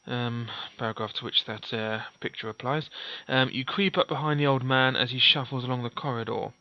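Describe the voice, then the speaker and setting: A man's voice: medium pitch, steady tone, a little fast, no echo. A man reading a fantasy gamebook aloud and commenting casually as he plays, thinking aloud and correcting himself. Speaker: gamebook player and narrator. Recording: dull lo-fi, dry.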